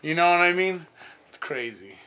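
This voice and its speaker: A man's voice: sits high, animated, moderate pace, bright, forceful tone. A man co-hosting a podcast in casual chat, laid-back and swearing, calling everyone bro and dude. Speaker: podcast co-host.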